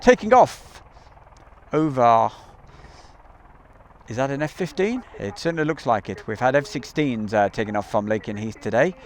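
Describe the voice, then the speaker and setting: A man's voice: medium pitch, animated, moderate pace, a little hiss or hum. A man hosting a casual live stream outdoors near an airbase, chatting in a rambling way with many ums and uhs, recorded on a camcorder mic.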